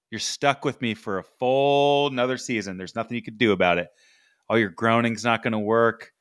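A smug, taunting male quarterback, read out by a man in a mocking tone. His pitch sits in an ordinary middle range. The sound is dry and close. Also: a bit bright, no echo, close to an everyday voice.

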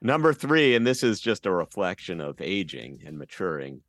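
Male co-host, dry delivery, lively pitch, close mic. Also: moderate pace, no room sound. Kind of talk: casual chat.

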